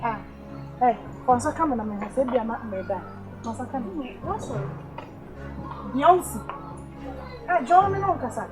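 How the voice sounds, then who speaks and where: A woman's voice: a little high, lively intonation, moderate pace, long pauses, music in the background, close to an everyday voice. A woman with a Ghanaian accent acting a young woman who teases and mocks her friend in a comedy skit. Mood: mocking.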